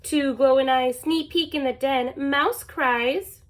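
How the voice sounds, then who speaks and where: A woman's voice: high voice, steady tone, moderate pace, darkish tone, rough recording. A woman reading a picture book aloud as narrator, playful and sing-song, leaning into the sound words.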